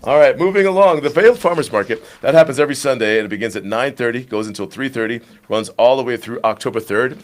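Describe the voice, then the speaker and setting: A man's voice: medium pitch, fast talker, hardly any pauses. Upbeat male live show host. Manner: upbeat host patter with frequent fillers.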